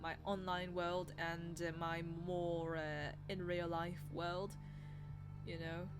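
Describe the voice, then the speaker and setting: A woman's voice: on the low side, flat delivery, slow, over music. A young woman streaming live, chatting casually in a rambling, self-deprecating way.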